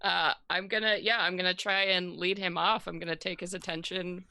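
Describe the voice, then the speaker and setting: A woman playing a tabletop game, speaking hesitantly with many pauses and ums. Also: lowish voice, flat delivery, gravelly, sharp tone, clear, resonant tone, no room sound. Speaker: player. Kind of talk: tabletop role-play.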